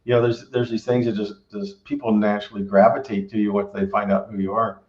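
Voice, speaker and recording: A man's voice: fairly low pitch, flat delivery, fairly quick, darkish tone. Middle-aged man rambling with tag questions. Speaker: barbecue restaurant owner and former engineer. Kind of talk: casual conversational storytelling. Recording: roomy, dull recording.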